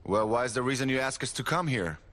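A voice actor playing a matter-of-fact young brother in a dubbed drama. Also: male voice, medium pitch, lively intonation, quick pace, fairly bright tone, long reverb tail, close to an everyday voice. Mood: blunt.

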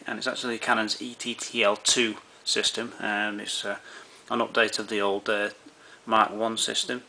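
A man's voice: medium pitch, creaky, bright, forceful tone, slight background noise. A man walking through camera menu settings in an easygoing way, with many fillers and restarts. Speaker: camera tutorial presenter. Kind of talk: explaining camera settings step by step.

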